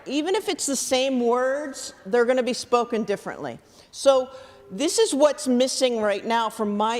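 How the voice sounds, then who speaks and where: Woman band clinician, slightly high voice, keeps asking the kids questions, long echoey theatre sound. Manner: lively, questioning, encouraging. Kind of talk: rehearsal coaching. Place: large theatre stage. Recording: long hall reverb.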